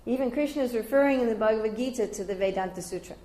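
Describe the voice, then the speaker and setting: An older woman giving a devotional scripture class, telling stories lively and raising her voice high whenever she quotes others. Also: racing. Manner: animated storyteller, jumping high when quoting others. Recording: roomy echoey room.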